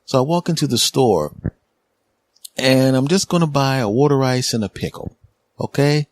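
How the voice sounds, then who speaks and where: A man's voice: mid-range voice, normal speed, no room sound. A man, giving a rambling, joking comedy monologue as a podcast host. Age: 40s. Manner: joking, rambling, self-mocking.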